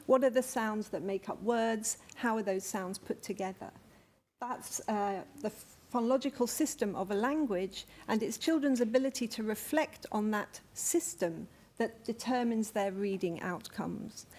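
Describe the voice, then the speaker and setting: A woman's voice: fairly high pitch, darkish tone. A woman, speaking, gives a conference talk. She explains things carefully, with some fillers and restarts. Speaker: lecturer. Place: conference venue.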